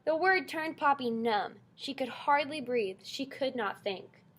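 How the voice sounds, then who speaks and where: Woman reading a kids' book out loud, expressive, kinda high voice. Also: unhurried. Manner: expressive storytelling. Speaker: audiobook narrator. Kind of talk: scripted narration.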